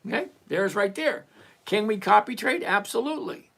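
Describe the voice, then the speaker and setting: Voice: medium pitch, animated, normal speed, gravelly, fairly bright tone. Blunt live-stream trading host. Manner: blunt, repetitive, lecturing tone; mildly profane, exasperated asides. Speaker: stock trading livestream host. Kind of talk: casual live-stream chat answering viewers.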